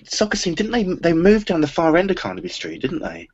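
A man's voice: a little high, wildly swooping pitch, a little fast, highs cut off. A man co-hosting a podcast, chatting hesitantly with repeated starts. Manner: hesitant, repeating himself, tentative. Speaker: podcast co-host. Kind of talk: casual chat.

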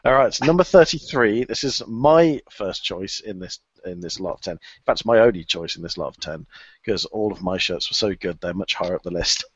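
A man's voice: low-pitched, expressive, fairly quick, breathy edge, no room sound. A man co-hosting a podcast, chatting casually and gushing about a favourite item, rambling with restarts and laughs. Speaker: podcast co-host. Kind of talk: casual chat. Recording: dull lo-fi podcast audio.

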